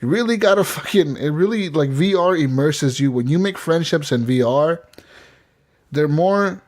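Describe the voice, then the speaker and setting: Excitable, profane gaming podcast host. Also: male voice, fairly high pitch, normal speed. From Oregon, US. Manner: excitable, profane, laughs often. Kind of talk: casual gaming chat.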